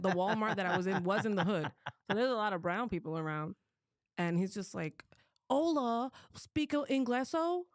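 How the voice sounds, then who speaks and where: Young woman rattling off a story fast, low-ish voice, does the voices, dry mic. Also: no room sound. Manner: animated, acts out quotes with voices. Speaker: podcast co-host. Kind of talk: casual storytelling chat.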